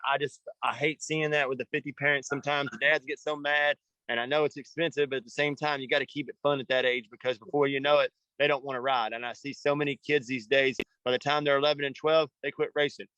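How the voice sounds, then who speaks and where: A man's voice: mid-range voice, fairly even intonation, quick pace, sharp tone, no echo, dull audio. A man coaching young motocross riders, talking in an earnest, rambling way and often asking "you know what I mean.". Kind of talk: casual coaching talk.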